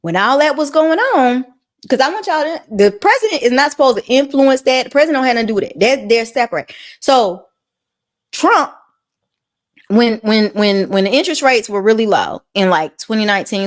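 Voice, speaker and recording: A lively woman with a high voice talks money fairly quickly as a mortgage commentator hosting her own channel. Speaking casually to camera about the economy, she's animated and folksy, mock-quoting other people in high voices.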